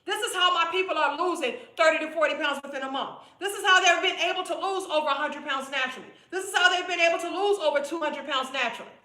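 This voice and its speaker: A woman's voice: extremely high pitch, quick pace, hardly any pauses, pushed and bright. A woman weight-loss coach talking straight to her viewers in a blunt, chatty way on a live stream. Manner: direct, chatty, repetitive, calls viewers "boo". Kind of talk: casual live-stream sales pitch. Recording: roomy echo.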